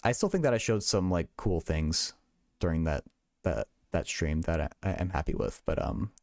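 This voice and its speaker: A man's voice: low-pitched, animated, normal speed, creaky, a little mellow, no echo, clean studio sound. A young man hosting a casual livestream, thinking aloud in a rambling way with many stammered restarts. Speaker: livestream host.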